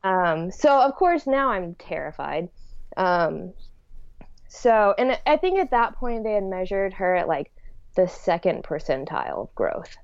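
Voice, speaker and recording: A woman's voice: fairly low pitch, big pitch swings, unhurried, dry recording. Woman, casual storyteller, fillers throughout, dull dry audio. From United States. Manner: chatty, lots of "like" and "um". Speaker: guest telling her birth story.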